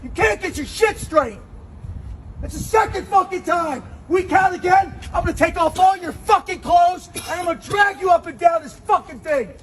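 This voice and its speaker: A man yelling a profane drill-sergeant style tirade, berating someone nonstop. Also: very high voice, normal speed, a little hiss or hum.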